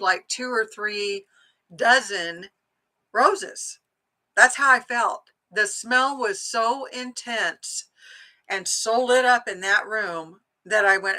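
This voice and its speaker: A middle-aged woman, a psychic medium, chatting to viewers and telling a personal story in a lively way, acting out the lines she quotes. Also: mid-range voice, rough recording.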